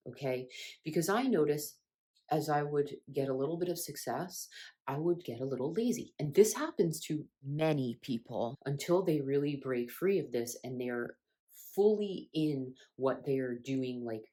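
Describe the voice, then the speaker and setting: A woman's voice: low voice, expressive, measured pace, dark tone. A woman talking casually as a self-help coach, earnest and repeating phrases for emphasis. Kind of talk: casual spiritual coaching talk.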